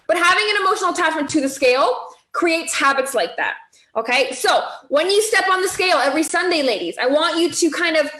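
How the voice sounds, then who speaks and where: Woman, weight-loss coach, high voice, chatty, asks "okay?" and "right?" a lot, echoey room. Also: a bit bright. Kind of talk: coaching talk to a group.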